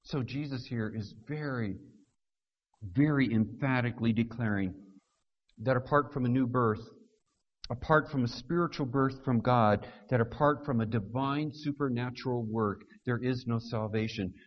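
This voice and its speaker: A man preaching a sermon, pressing his points by repeating words and swinging from hushed, low lines to loud, raised ones. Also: moderate pace. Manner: emphatic, repeats words for stress. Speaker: pastor. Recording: dull lo-fi recording.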